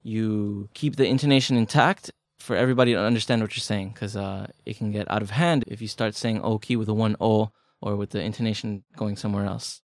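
With a lowish, fairly even voice, a man rattles through grammar a little fast with hardly any pauses. He co-hosts a language lesson podcast in a laid-back, chatty, joking manner, and the studio recording is dry.

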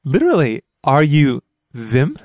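A man's voice: wildly swooping pitch, unhurried, darkish tone, no echo, studio quality. A man hosting a casual language lesson, explaining words with an easy, joking manner. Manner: chatty, laughs easily, explains pitch accent.

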